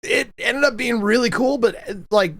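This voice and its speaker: A young man hosting a chat with his mother, telling stories in a casual, animated way and laughing often. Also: very high-pitched, normal speed. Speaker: host interviewing his mother.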